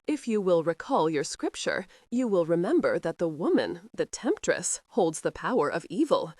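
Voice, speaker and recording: Audiobook: woman reading as a sanctimonious old vicar, low-pitched, preachy, dry recording. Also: very animated, normal speed, a little mellow, no echo. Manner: preachy, self-righteous.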